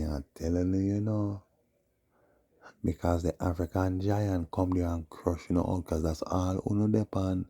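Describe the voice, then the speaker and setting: A man with a Jamaican accent ranting in a scornful, mocking commentary and breaking into loud outbursts. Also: sits low, breathy edge. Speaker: video commentator.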